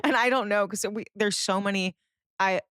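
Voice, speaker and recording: A woman's voice: mid-range voice, steady tone, moderate pace, fairly bright tone, clean tone, no room sound, studio quality. A young woman co-hosting a podcast, talking casually and filling her speech with fillers. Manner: chatty, heavy use of filler words. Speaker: podcast co-host. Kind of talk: casual chat.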